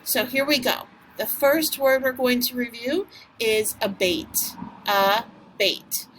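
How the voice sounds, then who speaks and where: Woman teacher, recorded vocabulary lesson, patient, encouraging, slightly high voice, faint background hiss. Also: fairly bright tone. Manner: slow, patient, encouraging, sounds words out.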